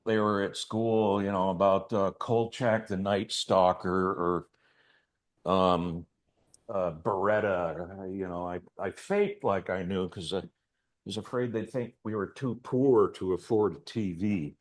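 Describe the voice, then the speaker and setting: A man's voice: sits low, unhurried. An older man, an artist, giving an informal, rambling talk to a gallery audience about his work, with chatty, self-deprecating asides. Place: art gallery.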